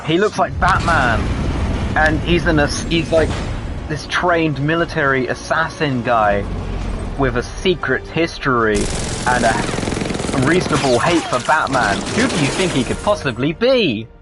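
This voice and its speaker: Man, sarcastic sweary gamer co-host, slightly high voice, music underneath. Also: expressive, a little slow. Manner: dry, sarcastic, swears freely. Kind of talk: casual chat while playing a game.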